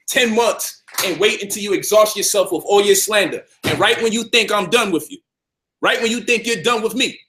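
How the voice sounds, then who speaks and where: A man's voice: high voice, moderate pace, pushed and bright. A man from Brooklyn, delivering an emphatic, combative monologue to camera about health and his community, repeating points for stress. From Brownsville, Brooklyn, New York. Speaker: health and conscious-community speaker.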